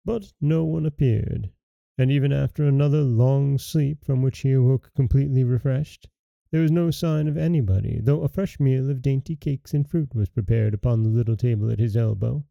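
A man hosting a folktale podcast, reading a fairy tale aloud in a measured, gentle storytelling way. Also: medium pitch, vocal fry, no room sound, dull audio. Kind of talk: scripted narration.

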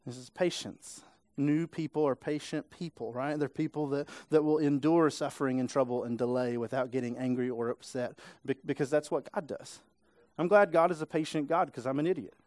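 A male pastor preaches in a church sanctuary, keeping things casual and conversational and often tossing tag questions to his listeners. His voice is on the high side and darkish, brisk with hardly any pauses, on a dry recording.

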